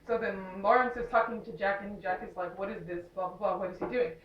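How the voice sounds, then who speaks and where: A woman's voice: medium pitch, fairly even intonation, a little fast, reverberant, recorded from a distance, lo-fi sound, slight background noise. A young woman casually recapping a movie, rambling with lots of fillers and sarcastic asides. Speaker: movie reviewer.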